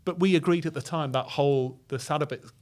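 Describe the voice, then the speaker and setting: A man's voice: fairly high pitch, darkish tone. Comedy guy arguing his point, cuts in a lot, chatty podcast. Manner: opinionated, argumentative, quick to jump in. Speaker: comedy duo member, guest. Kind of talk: casual podcast chat.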